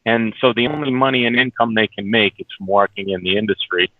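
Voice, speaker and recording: A man's voice: fairly low pitch, fast talker, dry recording. A man being interviewed as a documentary producer, talking earnestly with frequent restarts and repeated words, heard over a phone. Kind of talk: casual remote interview. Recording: tinny phone line, dry.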